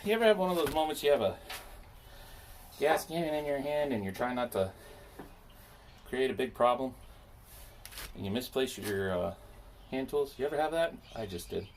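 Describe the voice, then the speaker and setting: With lively intonation, medium pitch, and normal speed broken by long pauses, a landscaping business owner chats casually while repairing a machine. He rambles, talks to himself, and pokes fun at himself; a little hiss or hum is present.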